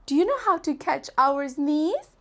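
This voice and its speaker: A woman hosting a preschool lesson as a doctor, speaking gently in a slow, exaggerated, sing-song way. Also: sits high, sing-song. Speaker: children's show host, doctor.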